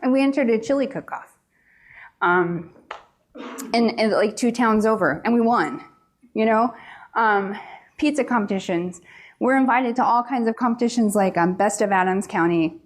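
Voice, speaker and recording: A woman's voice: on the high side, normal speed, pauses often. Woman, pizzeria owner, conference talk, candid, salty, lots of quoted dialogue. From US East Coast. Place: large conference room.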